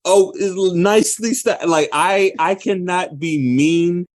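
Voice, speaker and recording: Guy in his 30s on a podcast, telling stories all animated and laughing. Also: high voice, slow. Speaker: podcast co-host. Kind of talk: casual chat.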